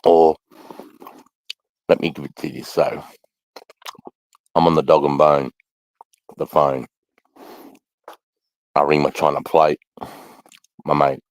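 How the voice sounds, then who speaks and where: A man's voice: extremely low pitch, flat delivery, slow, long pauses, no room sound, low-quality recording. A middle-aged Australian man rambling casually to camera, swearing freely and sighing between thoughts. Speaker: vlogger.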